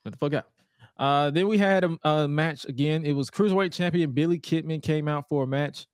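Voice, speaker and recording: A man's voice: a little high, a little fast, clean tone, no room sound, studio quality. A man co-hosting a podcast, recapping old wrestling shows in a casual chat and acting out the wrestlers' lines in silly voices. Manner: animated storytelling, acts out wrestlers' lines in goofy voices. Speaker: podcast co-host.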